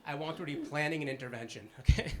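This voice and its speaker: A young man from the Boston area doing a stand-up set on a live stage, with a halting, filler-heavy delivery and dry, self-deprecating punchlines. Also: a little high, fairly bright tone, a little hiss or hum. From Boston area, Massachusetts. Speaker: stand-up comedian. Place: live comedy stage with an audience.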